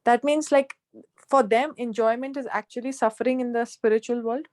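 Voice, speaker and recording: A woman's voice: fairly high pitch, fairly even intonation, moderate pace, darkish tone, dry recording. A woman asking questions in a class discussion, mixing in Hindi phrases. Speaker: class participant.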